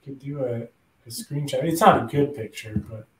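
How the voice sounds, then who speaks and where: A co-host speaks hesitantly in a casual chat, trailing off mid-thought. The voice sits far from the mic in an echoey room with clear background noise. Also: mid-range voice, moderate pace. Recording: roomy, distant, noisy mic.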